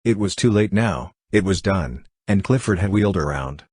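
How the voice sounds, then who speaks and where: A man with a very low, husky voice narrates a classic book in a steady, even way. The sound is dry and close. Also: moderate pace, no echo. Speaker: audiobook narrator. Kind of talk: scripted narration.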